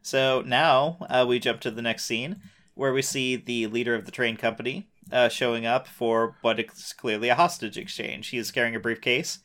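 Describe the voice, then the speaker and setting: A young man telling a story in a relaxed way, dropping frequent uhs and wry teasing asides. His pitch sits in an ordinary middle range for a man. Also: normal speed. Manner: lots of uh fillers, wry teasing. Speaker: podcast co-host. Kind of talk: casual recap chat.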